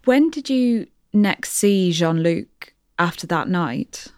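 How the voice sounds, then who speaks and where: Lady interviewer, kinda low voice, calm careful questions. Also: takes it slowly, smooth, no echo, clean studio sound.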